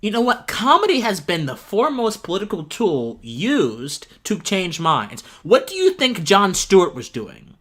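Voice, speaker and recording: A man's voice: sits high, wildly swooping pitch, measured pace, a bit bright. Exasperated man ranting on a live stream. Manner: exasperated, ranting, laughs often. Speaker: streamer reacting to a video. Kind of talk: live-stream reaction commentary.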